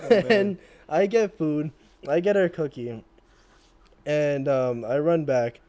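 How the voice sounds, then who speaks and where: A man's voice: a little high, expressive, slow pace, a little mellow. A young man casually telling a story about himself, laughing at his own awkwardness. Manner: laughing, self-mocking storytelling. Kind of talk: casual chat.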